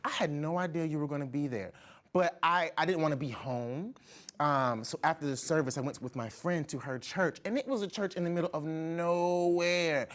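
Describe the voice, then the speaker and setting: A woman hosting a talk show, telling stories in an excitable, animated way. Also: deep voice, moderate pace. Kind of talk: casual chat.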